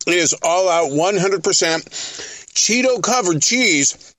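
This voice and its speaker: A man's voice: high voice, animated, takes it slowly, a bit bright, no echo. A middle-aged man hosting a casual podcast vlog, chatty and storytelling, laughing easily. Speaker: podcast host and customer service manager.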